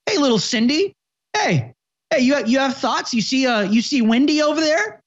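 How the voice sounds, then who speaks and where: A man's voice: very high voice, lively intonation, normal speed, lo-fi sound. Man putting on a leering sly teacher. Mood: mocking. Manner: leering, stammering, pushy questions. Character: sly adult male teacher grooming pupils.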